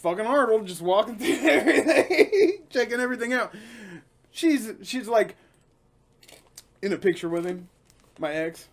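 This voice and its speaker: A man co-hosting a casual podcast, telling relaxed stories with casual swearing. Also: sits high, moderate pace, long pauses. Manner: easygoing storyteller, casual swearing. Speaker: podcast co-host. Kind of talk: casual drinking podcast chat.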